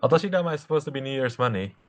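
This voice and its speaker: A man co-hosting a live reaction to an animated series, casually explaining jokes and cultural references. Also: medium pitch, rapid-fire. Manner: explains things to his co-host.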